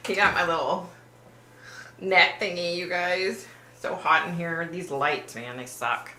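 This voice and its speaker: Low bright-toned lady chatting on her livestream, blunt, giggly, swears a lot, echoey room. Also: steady tone, unhurried. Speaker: livestream host. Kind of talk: casual live chat reading viewer comments. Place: warm room under bright lights. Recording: roomy echo.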